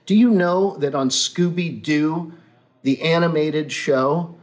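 A man's voice: fairly high pitch, slow pace. A man as the guest in a casual unscripted interview, earnest and musing, speaking in pronouncements.

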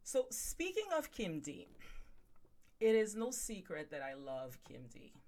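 A woman's voice: on the low side, huge pitch swings, a little slow, darkish tone. A woman hosting a podcast in casual chat, talking to her viewers as "guys" with plenty of ums and asides. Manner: chatty, addresses viewers as guys, many fillers. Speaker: podcast host.

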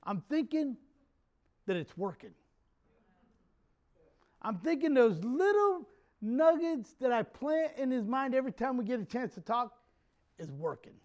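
A male pastor preaching a sermon to his church, animated, swinging from quiet jokey asides to loud shouts. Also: very high-pitched, unhurried, pauses often.

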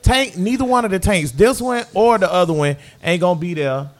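A man hosting a casual podcast, loud and crude, joking with his co-hosts. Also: sits high, expressive, brisk. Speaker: podcast host.

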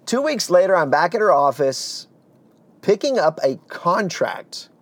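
A man telling his life story as a testimony, earnest and animated, dropping to a hush at heavy moments. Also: high-pitched, measured pace, no room sound. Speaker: speaker giving a personal testimony.

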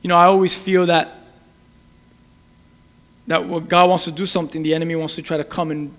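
A man's voice: fairly high pitch, level tone, fairly quick, a bit bright, big-room sound. A man preaching an earnest sermon, often repeating and restarting his words. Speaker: pastor.

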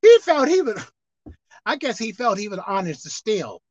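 A woman pastor preaching a sermon, dropping to low asides and rising to loud shouted exhortation, reading scripture slowly and deliberately. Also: big pitch swings. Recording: slightly dull, dry recording.

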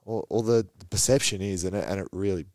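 A man's voice: low voice, fast talker, a little mellow, no echo. A young Australian man, a footballer and podcast guest, telling stories in an easygoing way with frequent laughs. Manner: easygoing storyteller, laughs often, many fillers. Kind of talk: casual podcast chat.

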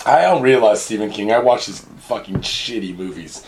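A man's voice: on the low side, animated, moderate pace, slight background noise. A man co-hosting a podcast, chatting loosely and profanely, laughing often and acting out little bits. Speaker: podcast co-host. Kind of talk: casual chat.

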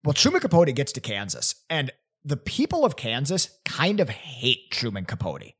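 A young man telling a story in casual chat, animated and laughing often, with many "like" fillers. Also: mid-range voice, moderate pace, slightly rough. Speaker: podcast guest presenting a theory.

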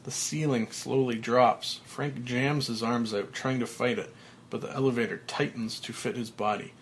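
A man, a podcast host, reading a script's stage directions aloud in a steady, matter-of-fact way, with small slips. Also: mid-range voice, moderate pace, slight background noise.

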